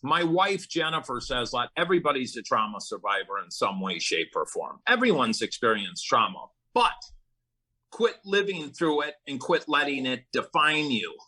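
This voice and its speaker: A man's voice: medium pitch, sing-song, normal speed, sharp tone, breathy edge, rough recording. A middle-aged man, a guest in an interview, speaking earnestly about recovery and telling personal stories with bursts of emphasis. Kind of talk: conversational interview.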